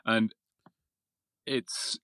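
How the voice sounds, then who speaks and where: A man's voice: extremely slow, a bit bright, no room sound. A middle-aged man from England, a voiceover artist, chatting casually in an interview, self-deprecating and laughing often.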